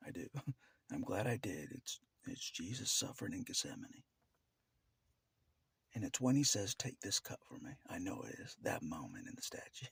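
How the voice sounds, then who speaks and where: A man with a very deep, gravelly voice that drops into a husky whisper. His pitch swings widely as he rambles to the camera, and he laughs often between phrases. The sound is close and dry. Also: big pitch swings, moderate pace, no room sound. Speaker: vlogger. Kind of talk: casual monologue to camera.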